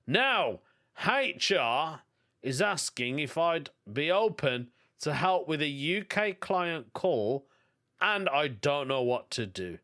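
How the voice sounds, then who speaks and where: A man's voice: fairly high pitch, big pitch swings, slow pace, bright, forceful tone. A man with a Birmingham accent hosting a comedy podcast, reading listener stories aloud in a casual monologue and chuckling often. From England.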